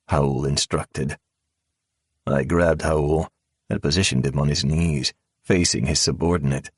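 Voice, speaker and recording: Very deep, slow male audiobook narrator. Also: husky, dry recording, studio quality. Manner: calm, cold drawl. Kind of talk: first-person audiobook narration.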